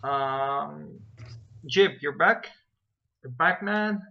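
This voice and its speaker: Speaking extremely slowly with vocal fry, in a voice on the high side, a male game master narrates a tabletop game on voice chat. He wanders through fillers and checks rules aloud along the way, heard through dull, lo-fi audio with faint noise.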